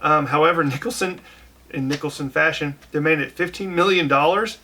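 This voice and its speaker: A man's voice: on the high side, moderate pace, pushed and bright, slight background noise. A man hosting a casual podcast chat, laying out what he has researched at length. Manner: researched, tells facts at length. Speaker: podcast host.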